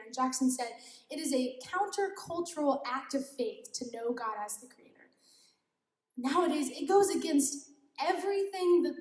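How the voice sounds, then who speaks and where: A young woman giving an informal youth devotional talk, giggly and self-deprecating, often laughing as she speaks. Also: high-pitched. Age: young adult. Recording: echoey room.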